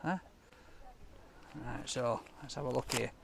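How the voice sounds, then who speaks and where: A man, chatting excitedly to camera while he opens fan mail in a park, laughing often. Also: medium pitch, unhurried, vocal fry. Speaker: food reviewer opening fan mail. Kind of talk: casual vlog chat to camera. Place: outdoors in a park.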